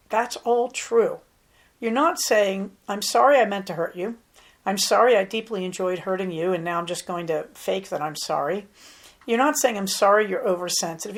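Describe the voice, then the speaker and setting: A woman hosting an advice talk as a psychologist, explaining calmly and acting out example lines. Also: medium pitch, vocal fry. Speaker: psychologist host.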